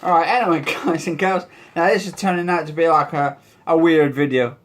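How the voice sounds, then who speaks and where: A man's voice: fairly high pitch, brisk, slight background noise. A man hosting a casual news commentary vlog, rambling and joking as he talks and swearing now and then. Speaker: vlog host.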